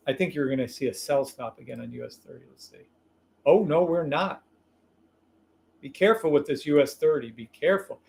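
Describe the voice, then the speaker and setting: High voiced guy yelling trade calls on a live stream, swearing a lot, super hyped. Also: brisk, vocal fry. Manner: excitable, profane, shouting trade calls. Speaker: livestream trading host. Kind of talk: live trading stream commentary.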